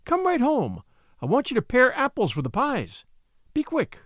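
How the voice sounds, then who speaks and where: A man voicing a decided farm mother in an old storybook tale, calling her child home with sharp commands. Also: very high voice, huge pitch swings, moderate pace, dry recording, clean studio sound, pitched above the performer's own voice, exaggerated voice. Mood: commanding.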